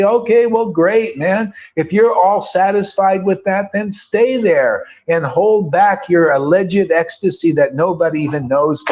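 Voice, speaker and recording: Emphatic high-voiced male preacher. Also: darkish tone, a little hiss or hum. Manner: emphatic, colloquial and rhetorical. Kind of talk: sermon. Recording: dull lo-fi recording.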